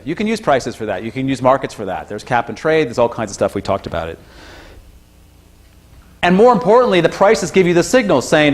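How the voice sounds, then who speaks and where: Fairly quick and casual, a man's university lecture stays conversational and spirited, punctuated by high exclamations whenever he voices someone else's lines.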